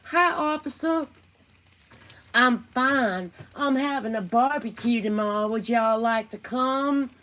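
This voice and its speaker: Self-pitying Southern woman, as a woman parodies her, slow drawl, melodramatic, unhurried. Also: fairly high pitch, fairly bright tone, voice pushed up. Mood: chirpy. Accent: put-on Southern US. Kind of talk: parody impression in casual commentary.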